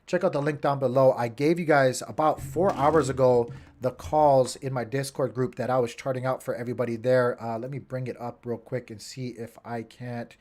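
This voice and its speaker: A man's voice: mid-range voice, steady tone, normal speed, a little mellow. A man hosting a casual livestream, rambling through charts, talking to his chat and muttering to himself when his gear acts up. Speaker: crypto livestream host.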